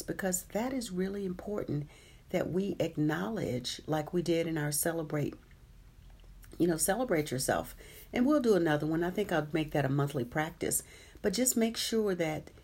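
A woman's voice: on the low side, a little mellow, slight background noise. A woman hosting a live meditation stream, talking casually and reacting to viewers' comments with easy laughter.

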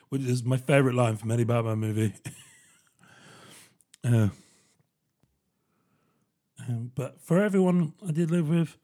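A man hosts a solo podcast in a mid-pitched voice. He rambles and jokes at his own expense, breaking into laughter often. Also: unhurried, pauses often, mellow. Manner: rambling, jokey and self-deprecating, with frequent laughs. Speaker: podcast host. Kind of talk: solo comedic podcast monologue.

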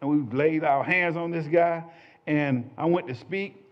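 A man's voice: fairly high pitch, measured pace. A man telling a church testimony to a small group in a folksy, conversational way. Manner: conversational, folksy, animated storytelling. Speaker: church minister giving a testimony. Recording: dull lo-fi audio.

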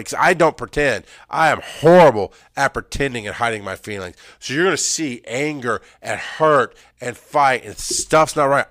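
A middle-aged man speaking in a blunt, emphatic way, his delivery swinging from loud outbursts to low, hushed stretches. His voice sits at an ordinary pitch for a man. The sound is close and dry, with no room echo. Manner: raw, emphatic storytelling, swings between loud and quiet. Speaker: speaker sharing his experience. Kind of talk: personal story and advice.

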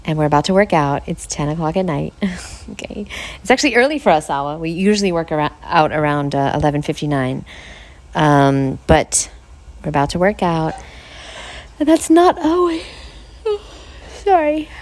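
Her voice sits low and moves a little fast as she hosts a casual podcast chat, seated on a couch in her living room with a podcast mic. She sounds tired but cheerful, laughing frequently.

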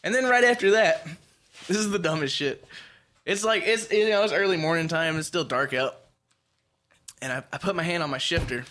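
A man's voice: on the high side, moderate pace, pauses often. A young man telling casual, profane road stories with laughter as a podcast co-host. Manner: profane, animated storytelling with laughs. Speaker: podcast co-host, truck driver. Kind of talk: casual chat.

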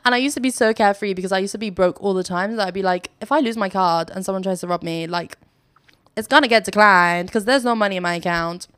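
A woman's voice: medium pitch, fast, a bit bright, smooth, no room sound. A young British woman hosting a casual solo podcast, telling stories in a chatty, giggly way and swearing freely. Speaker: podcast host.

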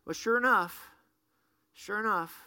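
Bright-voiced preaching pastor, man. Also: high voice, a little slow, clear, resonant tone, dry recording. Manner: animated storyteller, acts out dialogue. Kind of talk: sermon storytelling.

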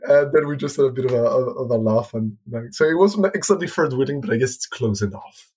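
A young man guest on a podcast, hesitant with many restarts, animated when telling a story. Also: mid-range voice, fairly quick, slightly rough. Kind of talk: casual storytelling.

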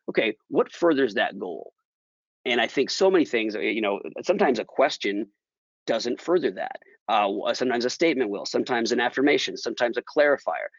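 Man, interview guest, thoughtful emphatic delivery, mid pitch, muffled dry recording. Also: dry recording. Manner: thoughtful, emphatic, frequent restarts. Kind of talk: casual conversational interview.

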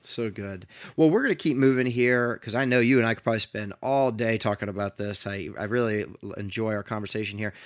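A middle-aged man hosting an interview and telling a story in an earnest, animated way, with frequent restarts. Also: lowish voice, a little fast, hardly any pauses, dry recording, clean studio sound. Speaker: podcast host.

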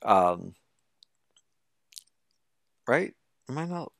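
A man's voice: mid-range voice, sing-song, extremely slow, vocal fry, a bit bright, no room sound, studio quality. A man in casual podcast chat, easygoing and hesitant, often stopping to correct himself. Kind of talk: casual chat about a video game.

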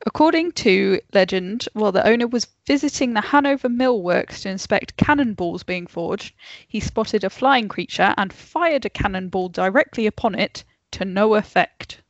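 A woman's voice: mid-range voice, expressive, moderate pace, no echo. Woman reading lore on a call. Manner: reads facts, laughs off interruptions. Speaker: podcast co-host telling the story. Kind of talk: casual chat over a video call. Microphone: video call. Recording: dull lo-fi call audio.

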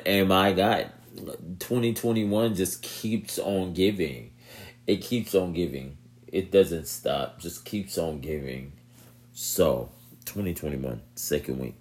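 A man talking straight to his audience in casual commentary, animated, laughing and repeating himself. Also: low-pitched. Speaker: vlogger.

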